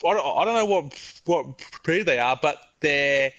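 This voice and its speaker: A young man with a slightly raised voice tells a casual story, stumbling over his words and restarting often. He sounds loose and relaxed, chatting with a friend. His pitch sits a little above the usual male range. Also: unhurried, dull audio. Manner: hesitant, stumbling storyteller with frequent laughs. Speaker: podcast co-host. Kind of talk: casual chat.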